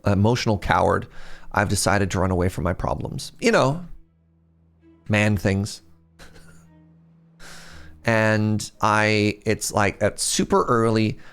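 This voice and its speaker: A man's voice: on the low side, gravelly. A man streaming a game, chatting casually, telling stories and laughing often between moves. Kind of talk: casual gameplay chat.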